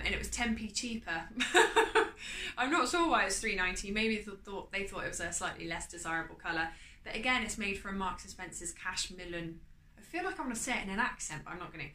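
Woman doing a clothes haul vlog, bright chatty voice, echoey room at home. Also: medium pitch, a little hiss or hum. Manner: chatty, upbeat, often trailing off quietly. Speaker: vlogger. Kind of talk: casual haul chat. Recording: echoey room with faint ambience.

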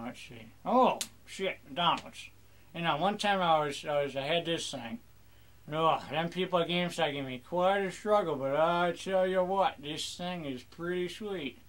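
A man's voice: fairly high pitch, animated, moderate pace, fairly bright tone. A young man rambling crudely through casual gameplay commentary, joking in a mock pirate voice. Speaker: gamer.

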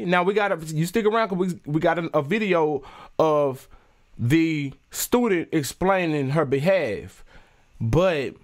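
Male video host, casual and opinionated, slightly higher voice. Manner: opinionated, informal, with restarts. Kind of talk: casual reaction commentary.

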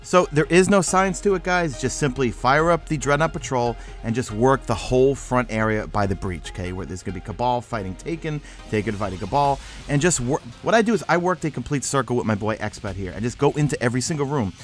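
A man's voice: medium pitch, a little fast, few pauses, faint music behind. A young man with a New York accent, sleepy and rambling as he narrates a game walkthrough. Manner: rambling, energetic, self-mocking. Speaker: gaming YouTuber.

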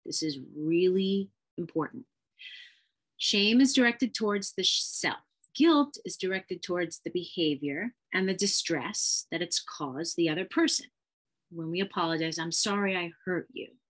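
A woman's voice: on the low side, animated, a little slow. A middle-aged woman therapist giving an earnest, emphatic teaching talk, repeating key phrases. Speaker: therapist and channel host.

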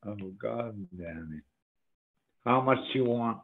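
A man's voice: mid-range voice, takes it slowly, vocal fry. An older man, a guest musician, telling rambling stories with a lot of swearing over a tinny, phone-like connection. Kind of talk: casual interview chat. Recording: tinny phone-like remote audio.

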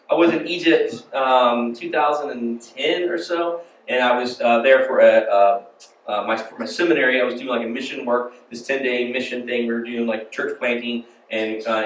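A man's voice: mid-range voice, recorded from a distance. An American man preaching a casual, storytelling sermon and asking the congregation questions. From United States. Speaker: pastor. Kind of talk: conversational sermon. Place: church sanctuary. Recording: echoey hall, voice from off-mic.

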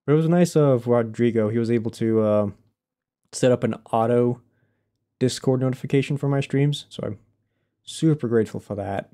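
A man's voice: mid-range voice, mellow. A man streaming a game live, chatting casually, laughing often and answering his chat as he plays.

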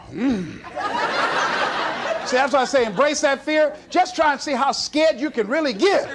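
A man's voice: extremely high pitch, takes it slowly, long pauses, very noisy. A man giving a motivational speech, telling stories and acting out his own self-talk. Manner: storytelling, animated, acts out self-talk. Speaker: motivational speaker.

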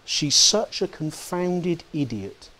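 A man's voice: on the high side, brisk, lightly acted. A man voicing a sneering, spiteful male toy maker who mutters scornfully.

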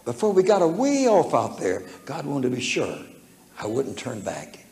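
Medium in pitch with a darkish tone and huge swings, an older preacher speaks at normal speed. His sermon turns to a personal story, told folksily with chuckles as he performs the voices of its characters, in an echoing church hall with faint noise behind him.

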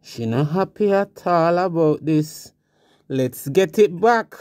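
Slow, mellow man commenting. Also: on the high side, animated, no room sound, studio quality. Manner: laid-back commentary, repeats channel name. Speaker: channel host. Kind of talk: commentary vlog.

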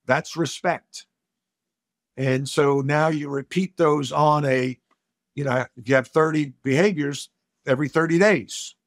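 A middle-aged coach speaking emphatically, often repeating a word as he launches into a point. His voice sits a bit high for a man. The recording is dry and close, with no room sound. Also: measured pace, no echo. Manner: emphatic, repeats words when starting a thought. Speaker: coach and corporate speaker, podcast guest. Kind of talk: conversational interview storytelling.

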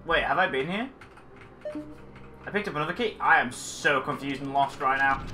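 Jumpy gamer, very lively pitch. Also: moderate pace, faint music behind. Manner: excitable, talks back at the game, jumpy. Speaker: gamer playing a horror game. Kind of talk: let's play commentary.

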